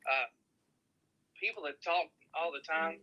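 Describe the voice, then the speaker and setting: A man's voice: fairly high pitch, unhurried, lo-fi sound. A man chiming into a casual group chat from a little way off the mic.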